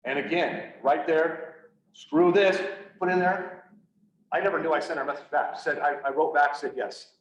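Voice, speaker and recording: A police officer telling a personal story to an audience, candid and blunt, acting out what people said. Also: male voice, a little high, moderate pace, fairly bright tone. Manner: candid, blunt, acts out quoted dialogue. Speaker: public speaker, police officer. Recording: echoey, distant, slightly dull, faint hiss.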